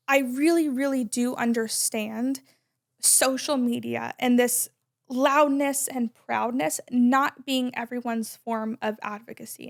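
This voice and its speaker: Young woman, high voice, gravelly fry, loud and emphatic, casual chat. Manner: loud, emphatic, talks fast with many "like"s. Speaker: guest. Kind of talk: casual conversation.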